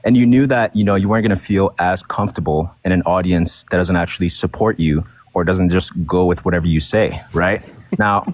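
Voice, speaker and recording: A man's voice: low-pitched, a little fast, hardly any pauses, no room sound. A man in a heated online debate, combative and repetitive, talking over the others. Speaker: debate guest.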